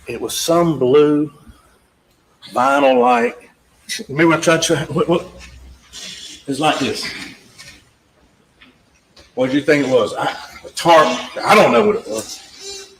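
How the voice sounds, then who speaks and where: A male trial attorney's slightly high voice swings hugely in pitch, with vocal fry, a somewhat slow pace, and frequent pauses. In his courtroom closing argument he repeats points emphatically, talks straight to the jurors, and acts out witness exchanges, and the audio is echoey with faint background noise.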